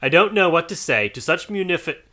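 A man voicing a portly older gentleman, astonished and breathless. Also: fairly high pitch, animated, fairly quick, voice pushed up.

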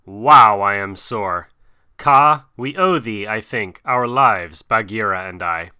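A man reading aloud and voicing a big old male bear who speaks gravely and fondly. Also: fairly low pitch, takes it slowly, sharp tone, dry recording, clean studio sound, heavily acted. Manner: grave, fond speech.

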